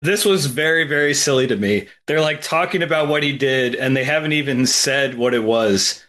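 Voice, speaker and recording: A man's voice: mid-range voice, moderate pace, fairly bright tone. A man chatting casually on a film podcast, thinking aloud and often saying "like.".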